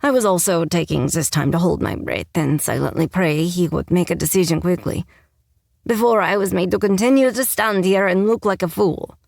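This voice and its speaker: A woman's voice: fairly low pitch, normal speed, creaky, darkish tone, no echo. A woman narrating a first-person romance audiobook with a wry, sarcastic tone, on a close mic.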